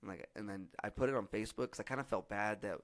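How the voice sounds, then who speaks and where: A hoarse young man hosting a podcast, telling a long story in casual, profane chat with lots of fillers. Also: lowish voice, quick pace, no echo. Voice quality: husky. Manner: profane, rambling, animated storytelling with many fillers. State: hoarse from yelling. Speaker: podcast host.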